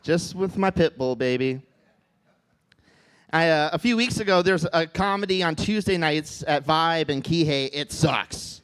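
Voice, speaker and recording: High-voiced halting comedian in his thirties. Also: clean tone. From Midwest United States. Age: 30s. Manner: deadpan, halting with restarts. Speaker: stand-up comedian. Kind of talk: stand-up set. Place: comedy club stage.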